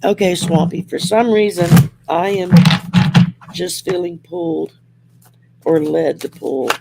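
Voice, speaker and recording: This woman has a Southern accent and a lowish, creaky voice, speaking slowly in a steady tone. She hosts a casual livestream, reading oracle cards in a folksy, rambling style full of fillers. Her home setup by a window picks up heavy background noise.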